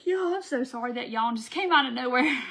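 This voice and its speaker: A woman's voice: sits high, animated, a little fast, a bit bright. A woman hosting a live craft tutorial, chatting folksily with viewers as she works. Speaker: craft channel host.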